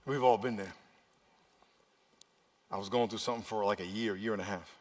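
A man preaching a sermon as pastor, swinging between loud urgent passages and quiet, hushed ones. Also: lowish voice, steady tone, fairly quick. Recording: long reverb of a large hall.

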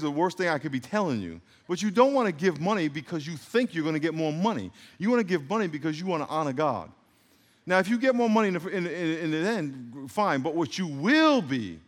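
A male pastor preaches in a slightly high voice, drilling the congregation with call-and-response prompts. He adds joking asides between the points. The sound rings with the long reverb of a large church hall. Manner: call-and-response, having the congregation repeat words; humorous asides. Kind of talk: sermon.

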